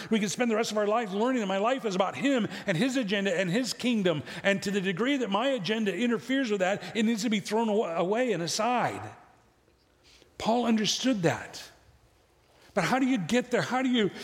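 A man's voice: sits high, in a large hall. A middle-aged male pastor preaching a sermon, telling stories and joking with the congregation. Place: church sanctuary.

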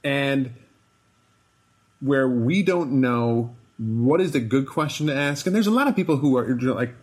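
Man, podcast host, medium pitch, halting, searching for words. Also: expressive, breathy edge. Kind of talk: casual interview chat.

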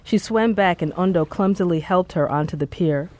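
An audiobook narrator reading a story in a measured, steady way. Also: medium pitch. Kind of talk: scripted narration.

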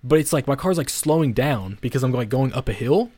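A man's voice: medium pitch, lively intonation, fairly quick, mellow, no echo. Young guy telling a long story on a podcast, swearing constantly, keeps restarting, totally dry sound. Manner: rambling, heavy swearing, many restarts and "like" fillers. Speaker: podcast co-host. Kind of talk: casual storytelling.

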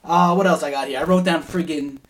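A man's voice: fairly high pitch, steady tone, brisk. Profane man ranting about football. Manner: profane, rambling, heated about bad play. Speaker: podcast co-host. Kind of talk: casual sports betting chat.

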